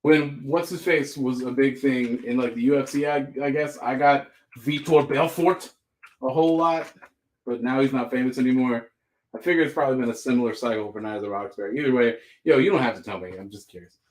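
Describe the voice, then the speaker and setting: A man's voice: mid-range voice, fairly quick. A man hosting a live comic book sale, listing issues casually and joking in rambling asides. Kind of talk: casual live-stream selling.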